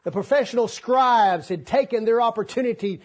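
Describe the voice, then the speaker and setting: A man preaching a folksy, animated sermon, acting out the scripture voices as he reads. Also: very high voice, normal speed.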